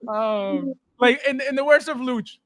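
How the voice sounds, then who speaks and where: A man's voice: very high-pitched, measured pace, a bit bright, dry recording. A man hosting a casual livestream, greeting viewers by name and laughing often. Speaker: podcast host.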